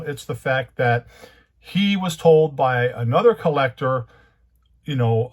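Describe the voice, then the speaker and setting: A man with a husky, medium-pitched voice hosts his own comic book channel. His casual monologue is conversational and rambling, and he gets heated once he starts ranting.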